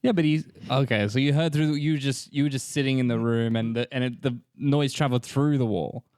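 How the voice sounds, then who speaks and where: A man co-hosts a comedy podcast with deadpan delivery. His voice sits in a middle range, close and dry. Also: mid-range voice, brisk, smooth, no room sound. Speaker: podcast co-host. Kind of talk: improvised comedy chat.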